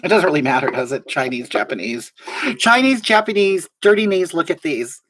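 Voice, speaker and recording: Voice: mid-range voice, lively intonation, fast, a bit bright, husky. A performer playing a brash, gossipy woman livestreamer who rambles and gets indignant while reading chat aloud, in a live comedy stream. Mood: rambling. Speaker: livestream host.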